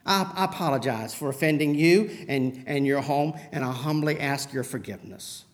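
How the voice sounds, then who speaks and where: A man's voice: mid-range voice, moderate pace, pitched below the performer's own voice, close to an everyday voice. A man voicing a chastened male parrot in a spoken joke, speaking humbly and apologetically. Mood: humble apology. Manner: meek, apologetic, hushed.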